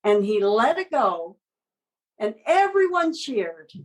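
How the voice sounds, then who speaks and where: A woman, a children's book author, telling a story as a guest in a podcast interview in a gentle, encouraging way. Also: a little high, very animated, slow pace, low-quality recording.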